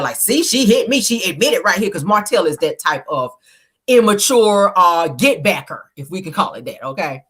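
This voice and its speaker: A woman's voice: low voice, a bit bright. Chatty woman recapping with emphatic asides. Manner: chatty and emphatic, with frequent "okay?" asides and bursts of laughter. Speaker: reality TV recap host. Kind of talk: casual recap commentary.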